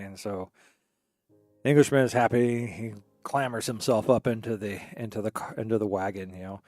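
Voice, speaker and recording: A man's voice: lowish voice, fairly even intonation, normal speed, darkish tone, no room sound, soft background music. A man hosting a game stream in casual chat, telling jokes in a rambling, digressive way. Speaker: gaming streamer. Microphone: streaming microphone.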